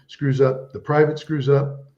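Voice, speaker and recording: A man's voice: medium pitch, little pitch movement, measured pace, mellow, lo-fi sound. A man in his seventies, a veteran guest, telling stories in a rambling casual chat. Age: 70s. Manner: rambling storyteller, restarts often. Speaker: guest, Vietnam veteran and author.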